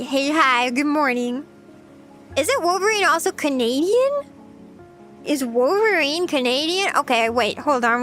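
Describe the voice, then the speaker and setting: A woman's voice: high-pitched, bright, forceful tone. A young woman streaming casual chat, playful and chatty, often giggling as she reads her chat. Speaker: VTuber streamer.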